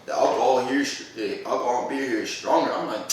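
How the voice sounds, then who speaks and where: A man's voice: mid-range voice, fast, slight background noise. A man telling a long story in casual chat, rambling with lots of slang and laughter. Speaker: podcast host. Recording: roomy echo, a bit far from mic.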